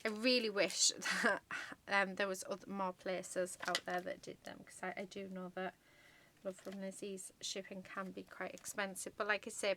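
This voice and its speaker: A woman's voice: medium pitch, very noisy. A woman chatting casually through a card-making tutorial, gushing over her work with many ums and murmured asides. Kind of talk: casual crafting tutorial chat.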